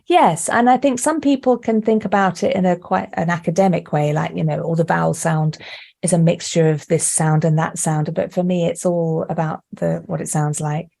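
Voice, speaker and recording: Woman guest, mid-low voice with gravelly fry, animated storyteller who laughs a lot. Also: moderate pace. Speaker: guest, actor and director. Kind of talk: podcast interview chat. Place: remote call, not with the hosts.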